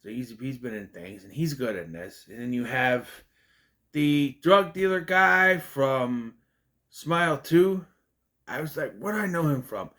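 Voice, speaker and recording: A man's voice: mid-range voice, takes it slowly. Rambling young man reviewing a movie. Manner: rambling, self-correcting, animated. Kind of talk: casual spoken film review.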